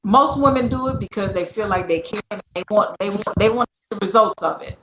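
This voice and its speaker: A woman's voice: medium pitch, fairly quick. Frank woman in a roomy, noisy recording. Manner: frank, agreeable, laughs easily. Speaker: panelist. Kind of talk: casual panel discussion. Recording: roomy, dull, noisy sound.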